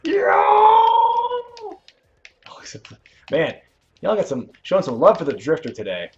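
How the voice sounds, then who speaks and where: A young adult man with a medium-pitched, very animated voice hosts a game livestream, talking fairly quickly with slight background noise. He rambles in a laid-back way, chuckling as he answers viewer questions over a dull lo-fi stream mic.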